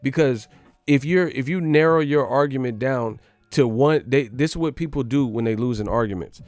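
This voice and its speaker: A man's voice: mid-range voice, normal speed, darkish tone, no echo. Brash, profane man ranting about boxing. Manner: brash, cocky, swears a lot. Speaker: boxing commentator.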